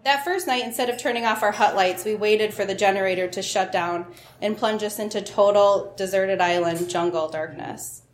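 A woman's voice: medium pitch, normal speed, echoey room. A woman telling a personal story to an audience, wry and self-mocking, often laughing at her own lines.

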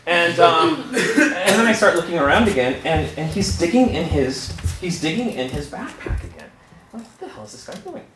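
A man telling a funny story live on stage, animated, breaking into laughter and restarting sentences. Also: fairly high pitch, moderate pace, crowd noise. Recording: echoey room with background noise.

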